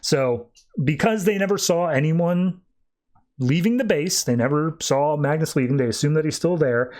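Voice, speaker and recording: A male podcast host with a fairly high, slightly mellow voice casually recaps a comic book story at a normal pace. He loosely paraphrases the characters' lines, using lots of filler words.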